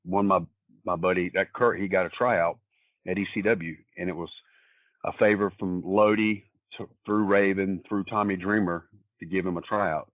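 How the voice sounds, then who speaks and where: A man's voice: low-pitched, fairly even intonation, moderate pace, no echo. A man, a wrestler guest, telling stories in a rambling, plain-spoken way over a tinny phone-like line. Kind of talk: casual anecdotal storytelling.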